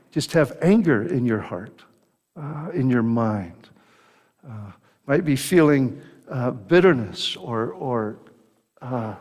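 A man preaching a sermon as pastor, earnest and unhurried, often restarting his phrases. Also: mid-range voice, in a large hall.

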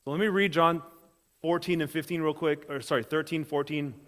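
A man with a slightly high voice delivers a sermon in a big sanctuary, and his words ring out with a long reverb. He preaches casually and keeps checking that his listeners are following. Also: steady tone. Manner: casual, talks straight to the congregation with quick check-ins. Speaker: pastor.

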